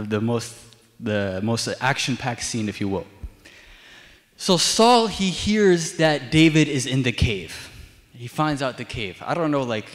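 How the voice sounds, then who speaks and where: Young male deacon preaching casually. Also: mid-range voice. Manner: casual storytelling with frequent fillers. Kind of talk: sermon. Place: church sanctuary. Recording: long church hall reverb.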